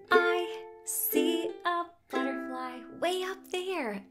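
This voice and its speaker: With ukulele music in the background, a young woman leads a toddler learning show outside. Her voice is high, swinging widely in pitch, and she speaks slowly with long pauses, gasping and asking the children gentle, coaxing questions as she talks and sings in a sing-song manner.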